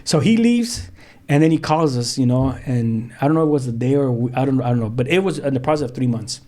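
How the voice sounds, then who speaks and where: A man's voice: medium pitch, expressive, quick pace, darkish tone. Man, middle-aged, pastor, from south central los angeles, podcast testimony, conversational storytelling, says "you know" a lot, acts out dialogue. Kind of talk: personal testimony in a podcast interview.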